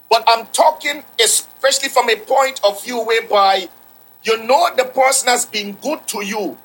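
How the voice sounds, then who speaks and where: Man, high voice, emphatic sermon, repeats lines, quotes scripture. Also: pushed and bright, slightly rough, poor audio. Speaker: preacher.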